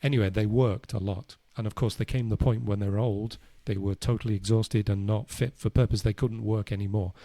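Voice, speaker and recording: A man with a lowish voice explains English slang in a relaxed, chatty way. He is a podcast host and teacher who checks in with listeners with a quick "no?". The sound is dry and close. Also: dry recording. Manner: explains slowly with Spanish equivalents, asks "no?". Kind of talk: casual explanatory chat.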